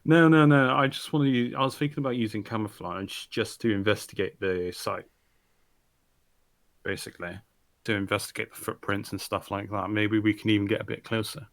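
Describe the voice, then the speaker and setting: A man with a gravelly, fairly low voice talks through a plan with his gaming group. He thinks aloud, trails off and picks up again. His voice sounds close and dry. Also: brisk, fairly bright tone, no room sound. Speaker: tabletop game player. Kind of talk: casual planning talk at the game table. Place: home, online voice chat.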